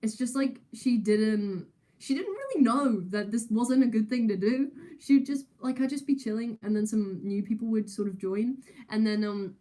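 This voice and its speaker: A woman's voice: a little high, normal speed, mellow. A young woman, chatting casually on a livestream and answering viewers with many fillers, restarts and giggles. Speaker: streamer.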